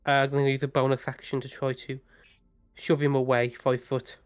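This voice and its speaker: A man's voice: medium pitch, monotone, a little fast, noisy background. A man playing a tabletop game, cheerful and playful. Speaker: player. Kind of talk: casual tabletop play.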